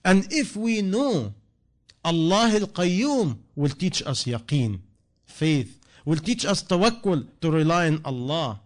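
A man's voice: fairly high pitch, big pitch swings, slow pace. Earnest preaching man. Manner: earnest, repetitive rhetorical questions, non-native grammar. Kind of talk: sermon.

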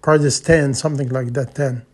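Husky-voiced man preaching a sermon. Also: mid-range voice, steady tone, normal speed. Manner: earnest, broken English with repetition. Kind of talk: sermon storytelling.

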